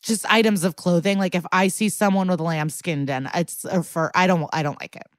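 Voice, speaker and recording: A woman with a slightly low voice talks through a TV episode as a podcast co-host. Her delivery is loose and chatty, with lots of filler and casual swearing. The recording is dry and close, with no room sound. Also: steady tone, a little fast, no room sound. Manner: chatty, swears freely, heavy use of "like".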